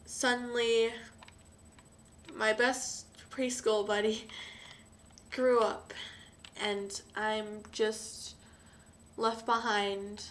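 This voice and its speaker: A young woman talking hesitantly and emotionally to camera, with frequent sighs and pauses. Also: fairly high pitch, little pitch movement. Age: young adult. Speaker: vlogger. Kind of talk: personal confessional vlog.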